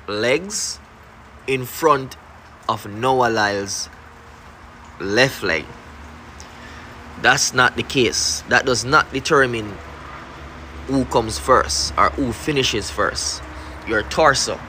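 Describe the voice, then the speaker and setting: A man giving explanatory sports commentary, measured and step by step. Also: medium pitch, bright, forceful tone, slight background noise. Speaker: sports analyst.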